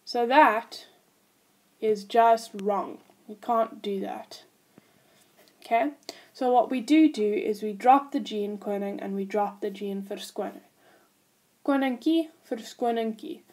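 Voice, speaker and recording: A woman's voice: fairly high pitch, unhurried, warm tone. A woman teaching a language lesson, patiently explaining grammar rules and spelling words out letter by letter.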